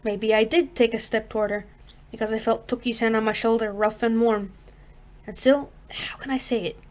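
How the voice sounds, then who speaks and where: Woman reading a scary story out loud, kinda high voice, steady and expressive. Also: normal speed. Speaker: reader. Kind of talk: reading a horror story aloud.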